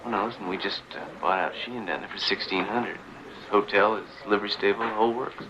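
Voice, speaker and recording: A man plays a courteous mining company agent, low-voiced and hesitant, stumbling over polite offers. The track is dull and muffled, with loud hiss behind him. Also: fairly even intonation, quick pace, close to an everyday voice. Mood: persuasive. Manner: polite, hesitant, full of uhs. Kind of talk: 1970s western film acting. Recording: dull old film soundtrack, loud hiss.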